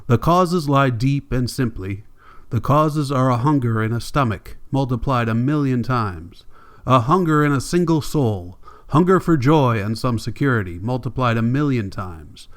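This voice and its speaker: Measured male audiobook narrator. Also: medium pitch. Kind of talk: scripted narration.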